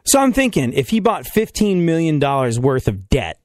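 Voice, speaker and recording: A man's voice: fairly high pitch, very animated, moderate pace, no echo. Man, radio host, jokey, laughs a lot, dry studio sound. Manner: jokey, laughs often, rambling. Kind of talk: casual chat.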